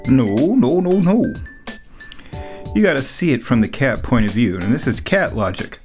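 A man telling a rambling, jokey story in a loose, casual monologue, and he laughs along as he goes. His voice sits at an ordinary middle pitch. Faint music plays underneath him. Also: expressive, normal speed, a little mellow.

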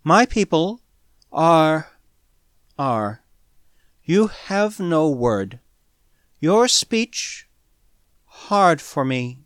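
A man voicing a mysterious catlike alien woman who speaks slowly in broken, hushed phrases. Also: fairly high pitch, sing-song, clear, resonant tone, no room sound, clean studio sound, full character voice. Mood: halting, hushed. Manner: halting broken speech, slow and hushed.

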